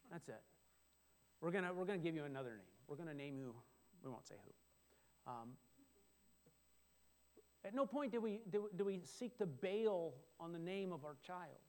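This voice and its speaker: A middle-aged man preaching a sermon, talking in a conversational way with restarts and sudden excited exclamations. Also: high voice, moderate pace, long pauses. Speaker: pastor.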